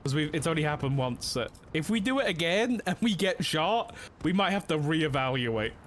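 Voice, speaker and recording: A man's voice: on the high side, expressive, normal speed, a bit bright, a little hiss or hum. A young man streaming a police roleplay game, chatting casually and rambling with lots of fillers. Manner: rambling, filler-heavy, with frequent "like".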